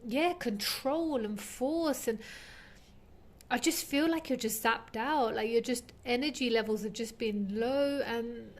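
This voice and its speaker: A woman's voice: fairly high pitch, measured pace. A woman giving an intuitive tarot reading to her viewers, earnest and heartfelt, rambling with many fillers. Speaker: tarot reader.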